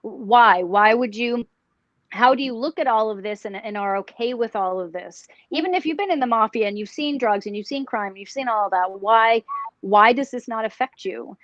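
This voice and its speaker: A woman psychic on a live paranormal show, talking haltingly with many restarts as she questions a spirit. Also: on the high side, fairly bright tone, no echo. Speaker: psychic, remote viewer. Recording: dull dry lo-fi audio.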